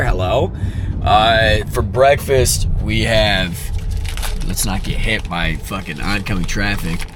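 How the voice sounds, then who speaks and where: A man's voice: fairly low pitch, measured pace. A man in his late twenties vlogging from his car and then an outdoor skate park, talking in a rambling, joking, offhand way and swearing now and then. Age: late 20s. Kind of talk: casual vlog chat. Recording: outdoor wind and traffic noise.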